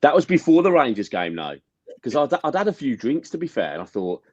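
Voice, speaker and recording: A man's voice: mid-range voice, sing-song, brisk, a little mellow, dry recording, muffled recording. A man co-hosting a casual fan podcast, jokey and full of banter and firm opinions.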